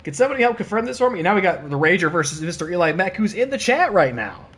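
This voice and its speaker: A man streaming and commentating a wrestling video game, excitable and laughing, with casual swearing and playful trash talk. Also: high-pitched, quick pace, slight background noise. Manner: excitable, laughing, bursts of disbelief.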